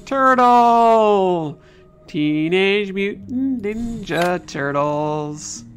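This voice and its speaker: Very animated yet slow, this let's-play gamer speaks at medium pitch with a sharp tone. Faint game music runs underneath as he casually, playfully narrates a puzzle game and talks to its characters.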